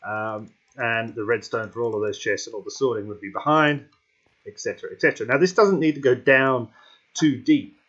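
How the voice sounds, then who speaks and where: A man at an ordinary middle pitch gives casual gameplay commentary and thinks aloud. He rambles with plenty of ums and restarts and keeps hiccuping. The recording sounds a little dull and lo-fi. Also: a little fast, a bit bright.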